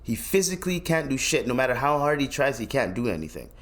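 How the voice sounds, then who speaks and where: A man's voice: mid-range voice, fast. Blunt, ranting young man podcaster. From Canada. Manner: animated, blunt, profane ranting with frequent restarts. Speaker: podcast host. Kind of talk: casual solo commentary.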